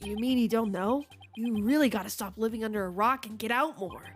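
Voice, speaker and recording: A woman's voice: on the high side, a little fast, soft background music, natural voice. Woman doing a wailing lovesick young guy. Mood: boastful. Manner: wailing, overwrought, sobbing. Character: loud lovesick young man, dramatic and whiny.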